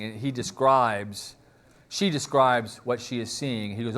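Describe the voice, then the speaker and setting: A man preaches a sermon, retelling a story conversationally and acting out the quotes. His mid-range, fairly bright voice keeps a fairly even intonation at a measured pace.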